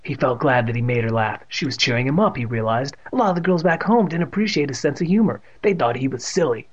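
Brief: male reader, mid pitch, snarky asides, dull lo-fi sound. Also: animated, fast talker, breathy edge. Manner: adds snarky asides to the text. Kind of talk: reading a children's book aloud.

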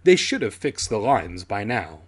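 A man's voice: lowish voice, big pitch swings, unhurried, slightly rough, pitched below the performer's own voice, heavily acted. A man voicing a mild-mannered, concerned middle-aged father in a comedic book reading. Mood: matter-of-fact.

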